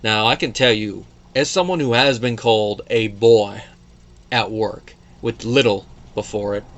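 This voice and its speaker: A man's voice: fairly low pitch, measured pace, dull audio. A man in his thirties talking through a show episode in a casual solo review, chatty and digressive with fillers and quoted asides. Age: 30s.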